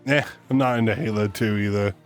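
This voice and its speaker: A man with a fairly low voice talks at a quick clip over faint background music. He's hosting a casual livestream, joking around, ranting, and teasing his chat.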